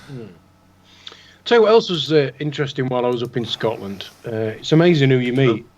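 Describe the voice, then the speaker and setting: A man's voice: medium pitch, expressive, brisk, darkish tone. A man co-hosting a casual chat show, rambling and chatty with plenty of fillers. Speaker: co-host. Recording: dull lo-fi online call audio.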